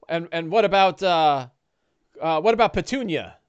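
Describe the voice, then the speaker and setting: A man voicing a fretful high-voiced ranch hand. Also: lively intonation, normal speed, clean tone, dull audio, natural voice. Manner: nervous, fussy, chattering. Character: fretful tied-up middle-aged ranch hand.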